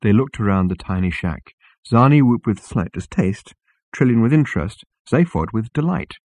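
A man narrating an audiobook in a calm, measured storytelling manner. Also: lowish voice, dry recording. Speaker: audiobook reader. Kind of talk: scripted narration.

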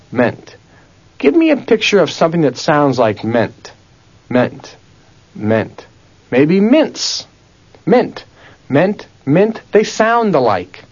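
Male instructor, animated tape-lesson delivery, repeats syllables aloud, dull lo-fi sound. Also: on the high side, breathy edge. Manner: animated, questioning teacher, repeats words aloud. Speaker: memory course instructor. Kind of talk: recorded audio lesson.

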